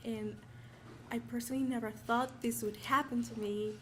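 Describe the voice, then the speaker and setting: Teen student from Mexico, Mexican accent, flat-toned and nervous at a noisy school event. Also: female voice, fairly high pitch, normal speed. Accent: Mexican Spanish. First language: Spanish. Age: teens. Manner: nervous, apologetic, earnest. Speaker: honored student. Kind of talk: award acceptance speech.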